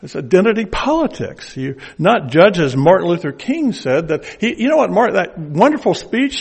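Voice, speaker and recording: A man's voice: sits high, very animated, moderate pace, vocal fry, few pauses, a little mellow, husky. An older man with a Southern accent preaching a conversational sermon with folksy asides.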